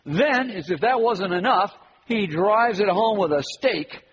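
A middle-aged male pastor preaching a sermon emphatically, swinging between loud stress and hushed asides. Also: high voice, expressive, a little slow, long reverb tail, dull audio, a little hiss or hum. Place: church sanctuary.

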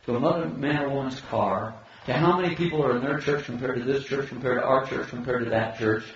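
A man preaching a sermon as pastor, animated, swinging between loud high exclamations and quiet low asides. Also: quick pace, a little hiss or hum. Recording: echoey hall, dull lo-fi sound.

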